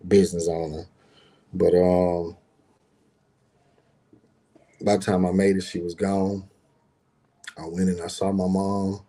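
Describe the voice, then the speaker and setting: His voice sits low with a dark tone. A middle-aged business owner, he tells his viewers a personal story head-on in a loose, slang-heavy, profane ramble, casual monologue style.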